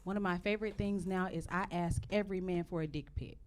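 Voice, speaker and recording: A woman from Texas, USA, performs brash, profane live stand-up comedy on a comedy show stage, telling punchy stories fast in a fairly low, steady voice. The live room recording includes crowd noise, with the audience laughing and reacting.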